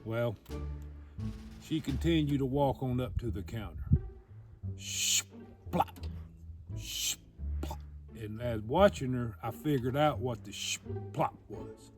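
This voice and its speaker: A man telling a funny story in a folksy, drawn-out way. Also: medium pitch, music in the background. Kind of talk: casual storytelling.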